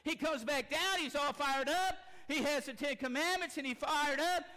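A man preaching a sermon, folksy and impassioned, rising to shouts. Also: very high-pitched, moderate pace. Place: church sanctuary.

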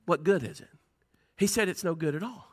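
A man's voice: high voice, a little fast. A man with a Southern accent preaching a sermon, folksy and conversational, asking the congregation "Amen?" between points. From Southern United States. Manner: folksy, call-and-response preaching with laughs and "Amen?". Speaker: pastor.

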